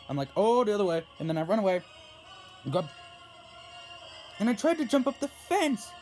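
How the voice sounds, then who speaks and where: A young man telling a story on his vlog in a casual, rambling way, full of restarts and animated outbursts. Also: high-pitched. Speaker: vlogger.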